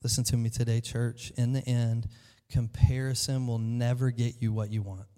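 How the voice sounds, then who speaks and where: A man preaching a sermon to his church, lively and emphatic, often acting out the voices of the people in his story. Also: mid-range voice, moderate pace. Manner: animated preaching, acts out quoted voices. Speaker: pastor. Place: large church hall. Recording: long hall reverb.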